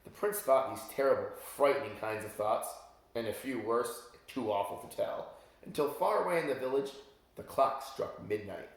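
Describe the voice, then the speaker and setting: A man's voice: mid-range voice, normal speed. A man reading a children's story aloud as a teacher, with chatty asides to his young listeners. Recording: very echoey room.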